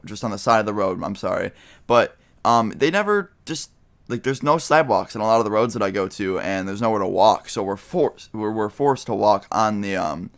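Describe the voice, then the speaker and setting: Young guy vlogging a story, lowish smooth voice, lots of ums and restarts. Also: fairly bright tone. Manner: rambling, many fillers and restarts, swears casually. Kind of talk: casual storytelling.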